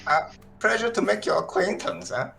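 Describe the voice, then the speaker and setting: A man's voice: sits high, sing-song, normal speed, creaky, fairly bright tone, pitched above the performer's own voice, heavily acted. Man putting on an old doctor with a heavy Chinese accent. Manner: broken, clipped phrasing. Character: very old traditional male doctor, unhappy. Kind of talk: tabletop role-play voice.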